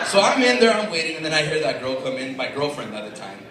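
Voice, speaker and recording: Young man doing a profane, animated stand-up set. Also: fairly high pitch, quick pace, hardly any pauses, a loud crowd, very noisy. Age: young adult. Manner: profane, animated storytelling with acted-out voices. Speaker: stand-up comedian. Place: comedy club stage with a laughing audience. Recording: echoey club recording from far off. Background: audience laughter.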